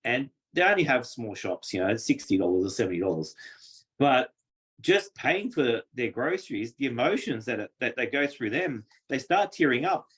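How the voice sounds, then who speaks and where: This is a mid-range male voice at a moderate pace, belonging to an Australian interview guest. He tells casual stories in a chatty manner, bringing quoted speech to life with animated voices.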